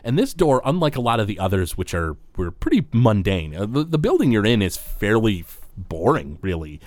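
A man's voice: on the low side, very animated, moderate pace, no echo. A man narrating as the game master of a tabletop game, describing scenes loosely and full of fillers.

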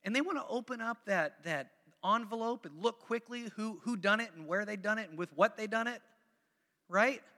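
A male pastor with a high voice delivers a sermon, chatty and repetitive, often doubling back on his phrases and urging the congregation to follow along. His bright, forceful tone carries through a big room with a long, ringing reverb. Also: normal speed. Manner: conversational, repeats phrases for emphasis; coaxes the congregation to join in.

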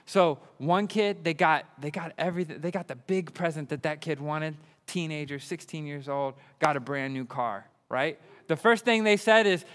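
A young adult man preaching a sermon, excitable and enthusiastic. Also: a little high, moderate pace, long reverb tail. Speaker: pastor.

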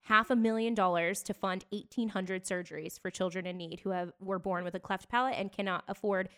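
A woman's voice: medium pitch, fairly even intonation, brisk, a bit bright. Chatty gossiping woman podcaster. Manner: chatty, gossipy storytelling with bursts of laughter. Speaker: podcast co-host. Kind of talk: casual chat.

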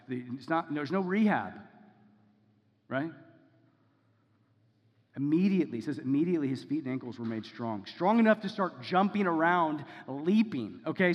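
A man's voice: on the high side, expressive, a little fast. A man preaching a sermon in a casual, conversational way, often checking in with "okay?" and "right?". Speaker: pastor. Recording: dull sound with long reverb in a hall.

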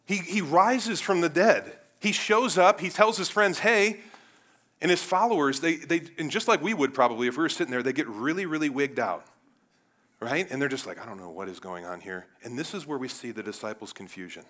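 Animated guy preaching, bright tone, really conversational, loud then quiet. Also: a little high, fairly quick. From Cleveland, United States. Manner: conversational and animated, swinging between loud bursts and quiet asides. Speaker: pastor. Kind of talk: sermon.

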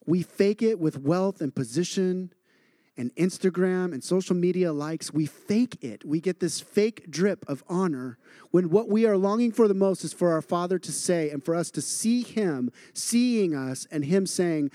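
A man's voice: high-pitched, unhurried, warm tone, dry recording, clean studio sound. A man preaching a sermon as a pastor, earnest and repeating phrases for emphasis. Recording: music playing underneath.

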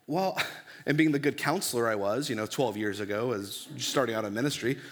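A man's voice: mid-range voice, fairly quick. A man in his thirties preaching a sermon in a conversational, storytelling way and often checking for the audience's agreement. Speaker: pastor. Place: church. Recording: long reverb of a church hall.

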